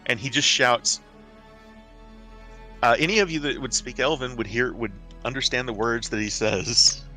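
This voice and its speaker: A man narrating a tabletop game as game master, often halting and repeating words as he describes scenes. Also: mid-range voice, bright, forceful tone, faint music behind. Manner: halting, repeats words, laughs between lines.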